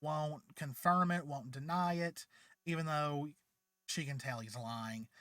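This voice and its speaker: A man's voice: fairly high pitch, slow pace, pushed and bright, no room sound. A man with a slightly raised voice retells a story in a loose, rambling way, full of ums and restarts. He sounds tired, and the sound is dry and close. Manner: chatty, rambling, frequent fillers and restarts. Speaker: channel host. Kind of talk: casual spoken retelling of a fan story.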